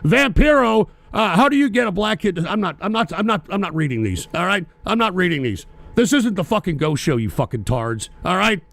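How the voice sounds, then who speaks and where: A man hosting a livestream, ranting angrily about politics and cursing at viewers who donate, often shouting. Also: high voice, sing-song, fairly quick, gravelly, few pauses. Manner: profane, ranting, frequently shouting. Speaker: livestream host. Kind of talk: angry political rant, reading donations.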